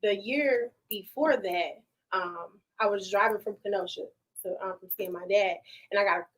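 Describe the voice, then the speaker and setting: A woman guest in a casual podcast chat, telling stories in an animated, heartfelt way with casual slang. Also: mid-range voice, normal speed, poor audio. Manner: animated storytelling with laughs; emotional, heartfelt.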